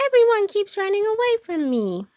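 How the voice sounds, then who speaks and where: Woman reading as a shy little chick boy, gentle and kinda puzzled, highish voice. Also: sing-song, moderate pace, no room sound, muffled recording.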